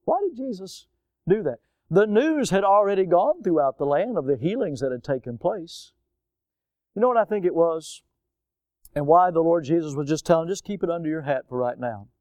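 A man's voice: high voice, animated, normal speed, dark tone, dry recording. A male pastor preaching a sermon, posing rhetorical questions and repeating key words for emphasis, then leading a prayer. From United States.

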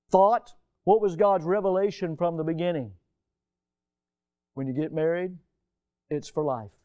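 A man preaching a sermon, emphatic, asking his listeners questions and answering them himself, swinging between loud stressed lines and low quiet ones. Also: smooth. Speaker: preacher and teacher.

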